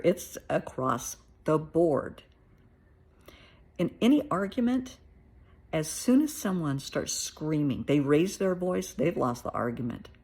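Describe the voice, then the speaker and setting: A woman's voice: on the low side, darkish tone, slightly rough. A middle-aged American woman therapist giving her blunt, plain-spoken opinions in a casual monologue. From United States.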